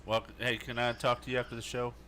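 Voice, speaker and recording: A man's voice: mid-range voice, level tone, fast, pushed and bright, a little hiss or hum. A man co-hosting a podcast, laid-back and joking in casual chat. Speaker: podcast co-host.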